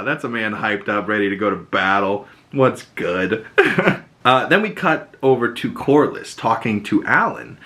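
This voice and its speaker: Excitable swearing man recapping a show. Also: on the low side. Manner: excitable, rambling, lots of "like", swears freely. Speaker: podcast host. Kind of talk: casual TV episode recap.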